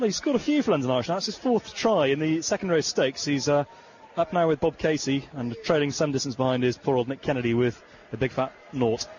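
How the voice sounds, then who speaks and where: A man giving play-by-play rugby commentary, calm in lulls and rising to excited shouting when the play breaks open. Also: medium pitch, lo-fi sound. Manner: rises to excited shouting on big plays. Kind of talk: sports commentary. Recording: broadcast with stadium noise behind.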